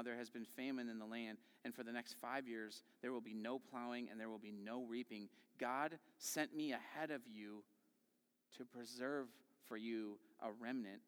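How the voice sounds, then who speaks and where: Conversational preacher in a reverberant hall. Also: male voice, mid-range voice, fairly bright tone, smooth. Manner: conversational, emphatic, with tag questions. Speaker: pastor. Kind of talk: sermon.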